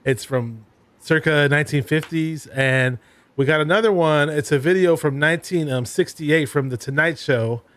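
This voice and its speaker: A man hosting a casual online talk show, telling relaxed stories between songs. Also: on the high side, moderate pace. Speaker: podcast host. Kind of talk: casual chat.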